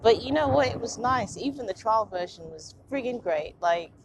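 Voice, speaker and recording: A woman's voice: on the high side, expressive, normal speed, slight background noise. A young woman, chatting on her own vlog in a rambling, self-mocking way and laughing often. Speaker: vlogger. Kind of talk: casual confessional chat. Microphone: phone or low-end camera.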